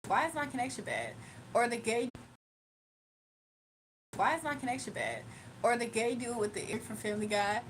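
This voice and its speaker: Her voice sits on the high side with big pitch swings, a moderate pace, and long pauses, over a little hiss or hum. She's a young livestream host chatting casually with viewers in slang, reading chat aloud and laughing often.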